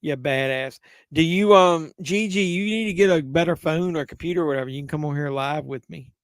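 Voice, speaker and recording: A tipsy man rambles through a live movie watch-along, cursing casually and answering his viewers' chat. His voice sits a little high and comes through smooth and resonant. The sound is dry and close, with no room echo. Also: brisk. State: tipsy from drinking. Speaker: live-stream host.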